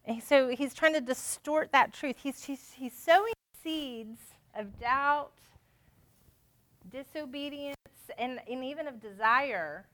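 Bright-voiced woman teaching scripture. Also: sits high, takes it slowly. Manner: explaining, emphatic, with fillers and restarts. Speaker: Bible study teacher. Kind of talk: spoken scripture lesson.

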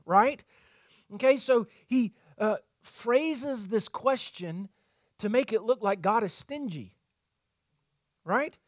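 A man's voice: very high-pitched, no room sound, studio quality. A man preaching a sermon, teaching earnestly and often asking rhetorical questions.

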